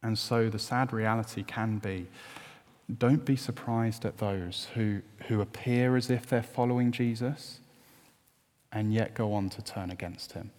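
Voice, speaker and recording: A man's voice: on the low side, fairly even intonation, measured pace, a little mellow. A man preaching a sermon, earnest and at times emphatic. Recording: long hall reverb.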